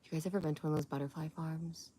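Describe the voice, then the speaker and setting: Young woman, live streamer, low-ish voice; loose, giggly, rambling chatter with casual swearing. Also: steady tone, very fast, warm tone, slight background noise.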